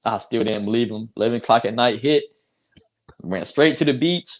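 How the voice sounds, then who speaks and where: A man's voice: mid-range voice, brisk. A young man from North Carolina, a basketball player telling a story in a casual interview, acting out quotes and laughing.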